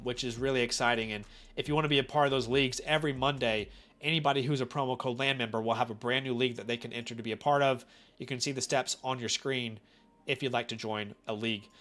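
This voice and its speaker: A man with a cold hosting a casual live stream, chatty and animated, often asking his viewers questions directly. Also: mid-range voice. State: has a cold. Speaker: fantasy football live-stream host.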